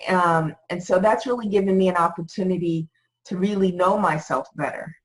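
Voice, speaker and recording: A woman's voice: on the low side, moderate pace, poor audio. A woman guest on a podcast, talking reflectively with lots of "you know" fillers. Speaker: podcast guest, business owner. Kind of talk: casual interview talk.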